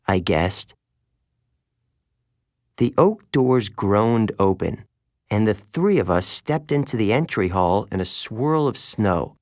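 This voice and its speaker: A man's voice: fairly low pitch, sing-song, slow, no room sound. A man narrating an audiobook in the first person, wry and conversational, close to a studio mic.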